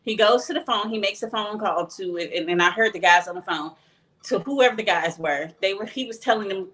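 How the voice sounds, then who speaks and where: A woman's voice: mid-range voice, fairly quick, fairly bright tone. A woman from Texas, a podcast guest, telling a personal story candidly and plainly, voicing what others said along the way. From Texas, USA.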